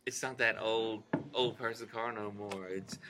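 A man doing an impression of a laid-back film actor, in a slow, low, mumbled drawl in a bar. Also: fairly even intonation, noisy background, natural voice.

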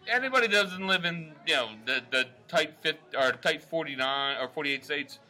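Bar podcast cohost, man, rambling, sweary, sharp very bright voice. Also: on the high side, moderate pace, faint music behind. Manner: rambling, swearing, stumbling restarts. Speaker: podcast co-host. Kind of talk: casual chat.

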